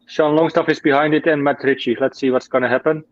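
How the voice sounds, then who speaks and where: A man's voice: fairly high pitch, fairly even intonation, fast, highs cut off, a crowd in the background. A man hosting a football fan stream, chatting casually, stammering and giggling as he calls the play. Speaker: host of fan channel. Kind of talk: casual live-stream chat, match commentary.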